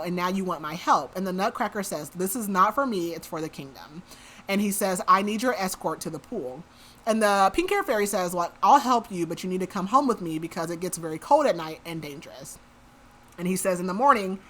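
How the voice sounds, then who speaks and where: Medium in pitch and a bit bright, this woman's voice carries a casual podcast recap of a novel. She chats along, leaning on "like" frequently, and quotes the characters without changing from her everyday voice.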